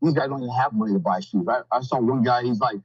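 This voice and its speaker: A man's voice: mid-range voice, fast, lo-fi sound. A man talking as a podcast guest, telling stories in a blunt, profane, rambling way with lots of fillers. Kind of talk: casual storytelling.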